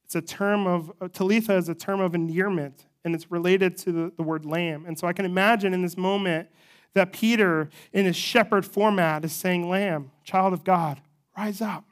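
Pastor giving a sermon, chatty storytelling style, mid pitch, throws in little personal asides. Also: fairly even intonation, moderate pace, clean tone.

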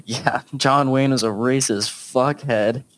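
A man's voice: mid-range voice, steady tone, takes it slowly, slight background noise. A man hosting a casual podcast discussion, talking in a laid-back, chatty way with plenty of fillers. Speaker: podcast host.

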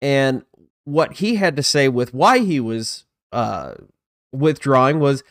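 A man's voice: fairly high pitch, very animated, slow pace, no echo. Chatty male disc golf stream host, dry sound. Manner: chatty, self-deprecating, greets chat viewers mid-topic. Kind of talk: casual live-stream commentary.

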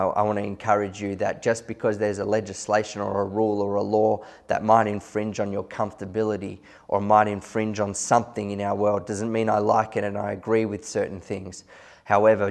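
A man preaching a sermon in an earnest, conversational way, slowing down to stress key words. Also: fairly low pitch, a little mellow. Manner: loose and conversational, with small asides.

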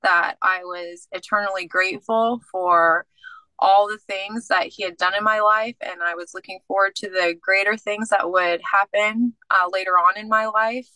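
A woman guest recounts her faith journey in an animated, chatty way, slipping into acted-out dialogue. Her voice is bright and forceful, and the recording is dry with no room sound. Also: medium pitch, moderate pace, no room sound, poor audio. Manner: animated storyteller who acts out dialogue. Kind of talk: casual faith testimony.

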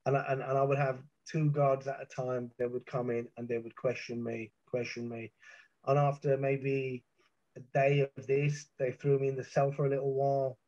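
A man's voice: medium pitch, flat delivery, moderate pace, warm tone. A middle-aged man from the United Kingdom, a podcast guest, intensely retelling a personal ordeal with vivid detail, restarts and swearing. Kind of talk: emotional first-person storytelling. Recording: muffled, dull podcast audio.

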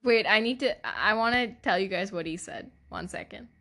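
A woman's voice: mid-range voice, fairly quick, bright, forceful tone. A young woman hosting her own podcast, talking candidly and emotionally in a confessional monologue, laughing often and swearing casually, her voice sometimes teary. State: teary, voice breaking at times. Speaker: podcast host.

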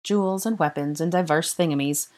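A woman narrating a fan fiction audiobook in a measured storytelling manner. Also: low-pitched, darkish tone.

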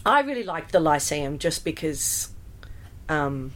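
A woman, a musical theatre performer chatting in an interview, animated and full of fillers and restarts. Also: deep voice, unhurried. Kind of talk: casual interview storytelling.

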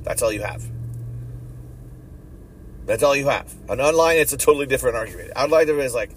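A podcast host delivering a profane, sneering rant in an angry monologue. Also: male voice, mid-range voice, expressive, quick pace, long pauses. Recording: distant mic with loud traffic noise.

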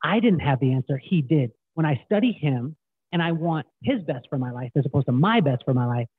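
A middle-aged man guest, telling stories in an animated way and acting out quotes. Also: a little high, brisk, breathy edge, dry recording. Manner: animated storyteller, acts out quotes. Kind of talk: casual storytelling interview. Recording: tinny phone-like line, dry.

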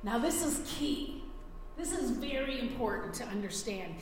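A woman's voice: fairly high pitch, big pitch swings, normal speed, faint music behind. A woman preaching a sermon earnestly, with frequent restarts, acting out the voices she quotes. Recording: very echoey hall, faint room ambience.

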